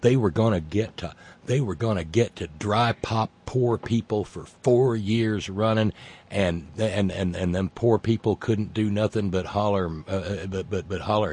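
Low husky man bantering on the radio. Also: normal speed, a little mellow. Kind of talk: casual talk-radio banter.

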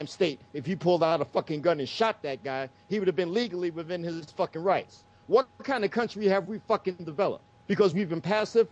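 A man giving a heated, profane political rant as the host of a talk show, speaking with emphatic force. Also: fairly high pitch. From United States. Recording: dull lo-fi sound.

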